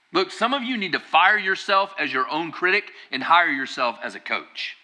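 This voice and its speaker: A male pastor delivers a sermon in a relaxed, conversational way. His tone is very bright and ringing, and he lifts into emphatic, driving bursts to make a point. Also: on the high side, moderate pace, hardly any pauses.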